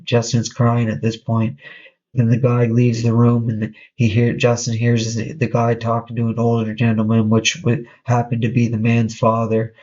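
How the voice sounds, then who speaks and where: A man hosting a podcast, casually telling a story in a halting way, with frequent restarts. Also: mid-range voice, monotone, a little mellow, lo-fi sound. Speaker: podcast host.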